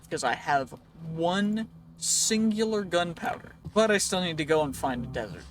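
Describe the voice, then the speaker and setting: A man's voice: a little high, lively intonation, moderate pace, soft background music. A man hosting a let's play, talking to himself in a rambling, playful way as he goes, his voice a bit worn. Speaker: gaming channel host.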